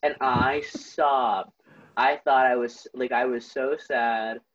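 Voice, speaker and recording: A man's voice: medium pitch, fairly even intonation, takes it slowly, a bit bright, muffled recording, slight background noise. A young man chatting casually on a podcast, earnest and full of fillers. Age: young adult. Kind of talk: casual chat.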